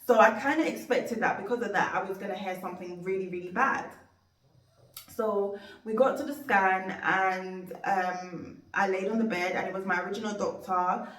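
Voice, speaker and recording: A young Jamaican vlogger tells an emotional storytime monologue, heartfelt, rambling and full of faith. Her voice is medium-pitched, moderately paced and fairly bright, and the recording sounds roomy, as though she's distant from the mic.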